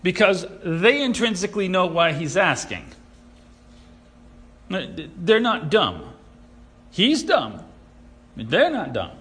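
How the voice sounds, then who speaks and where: A man preaching a sermon, animated and sarcastic, who acts out the people he quotes. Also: high-pitched, slow, long pauses. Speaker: pastor.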